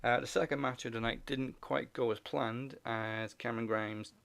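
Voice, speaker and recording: A man co-hosting a wrestling podcast, recapping the week's matches in a relaxed way and laughing often. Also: medium pitch, normal speed, creaky, dry recording. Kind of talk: casual recap of wrestling shows.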